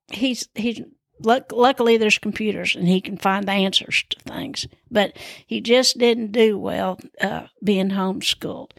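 A woman's voice: mid-range voice, creaky, no echo, clean studio sound. A woman hosting her own show, telling rambling personal stories in a chatty, meandering, self-deprecating way. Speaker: podcast host.

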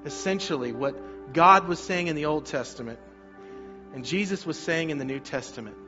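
Brief: a male pastor mid-sermon, energetic, faint music underneath. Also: fairly high pitch, normal speed, dull audio. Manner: energetic preaching, asks the congregation to repeat lines.

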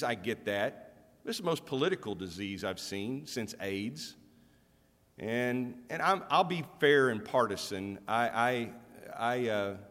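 A man's voice: fairly low pitch, fairly bright tone, long reverb tail. A middle-aged man preaching a sermon as pastor, speaking candidly and conversationally, with self-deprecating humor and frequent restarts.

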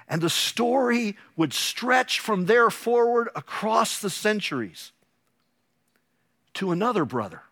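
A male pastor preaching a sermon, telling the story with animated drama and joking asides. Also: medium pitch.

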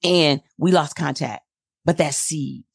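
A woman in her forties telling a personal story in a casual chat, acting out quoted dialogue with lively energy. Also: low voice, slow, creaky, husky, no echo, clean studio sound.

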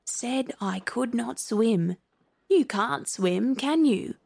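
A woman's voice: fairly high pitch, lively intonation, slow pace, gravelly, darkish tone, husky, no room sound, studio quality, exaggerated voice. A woman reading a storybook aloud, voicing a fussy, pompous king of cards who mutters over the evidence and sounds pleased with himself.

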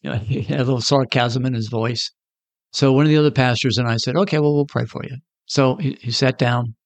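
A man's voice: mid-range voice, fairly even intonation, a little fast, no room sound. A man preaching, telling a story in a conversational way and acting out the voices of the people in it. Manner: conversational, acts out quoted voices. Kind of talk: sermon storytelling.

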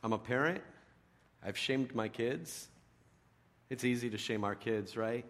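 Middle-aged guy preaching, chatty storytelling sermon, goes soft then loud, middle pitch. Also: measured pace. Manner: conversational storytelling, shifts from soft hushed to loud emphatic. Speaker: pastor.

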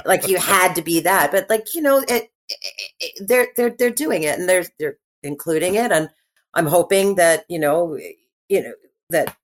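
A middle-aged woman chats as a guest on an interview show, her voice sitting a little low. She talks in animated, rambling bursts, restarting sentences and filling pauses with "you know" and "like". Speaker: actress and podcast guest. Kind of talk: casual interview chat.

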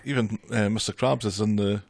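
A man's voice: lowish voice, steady tone, a little fast, gravelly, a little mellow. A man in casual chat recapping a cartoon episode, wry and teasing, dryly correcting his co-host.

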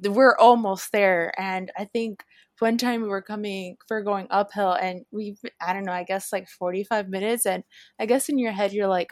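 A woman's voice: mid-range voice, fairly even intonation, normal speed, no echo, clean studio sound. A woman guest telling a funny story in casual chat, playfully acting out voices.

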